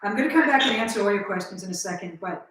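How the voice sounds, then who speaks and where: A woman's voice: medium pitch, animated, very fast, fairly bright tone, slight background noise. A woman hosting a live ghost-hunting stream, her voice caught from a distance with heavy echo around it. She speaks earnestly, asking pointed questions and turning to chat openly with her viewers. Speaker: ghost hunter. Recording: very echoey, distant from the mic.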